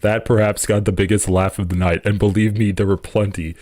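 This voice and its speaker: A man hosting a live political stream, reading an article aloud and breaking off into profane, animated reactions. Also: on the low side, a little fast, no echo, studio quality.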